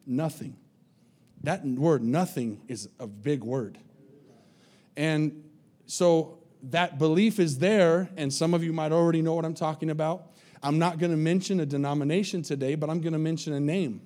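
Earnest pastor with a mellow voice. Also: male voice, fairly high pitch, normal speed. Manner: earnest, pleading, with frequent repeated words and restarts. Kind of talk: sermon.

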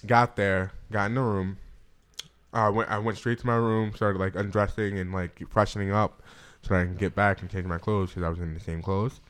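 Brief: young male co-host, lowish voice, laid-back, sarcastic, rambling. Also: fairly even intonation, moderate pace, a bit bright, smooth. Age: young adult. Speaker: podcast co-host. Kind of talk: casual chat.

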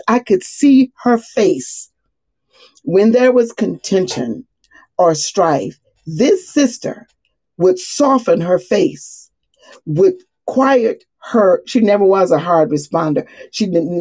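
A woman's voice: on the low side, gravelly, mellow, slightly rough, no echo. A woman teaching on a morning call, earnest and rambling, often restarting her sentences. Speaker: Bible study teacher. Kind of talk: casual spoken teaching.

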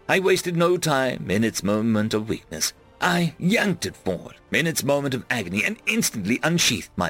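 An expressive male narrator reading a fantasy web serial in first person, his voice rising and dropping dramatically through the action. Mid-range pitch with a lively melody, and faint music running softly underneath. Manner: expressive, dramatic pitch swings, shouted dialogue. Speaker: audiobook narrator.

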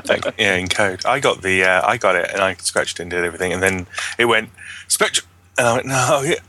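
A man's voice: low-pitched, a little fast, pushed and bright. A man co-hosting a casual gaming podcast, reading listener emails aloud and breaking off with jokey asides. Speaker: podcast co-host.

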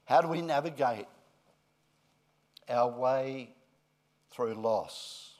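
A middle-aged male pastor giving a friendly children's talk, then a deliberate sermon. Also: mid-range voice, darkish tone.

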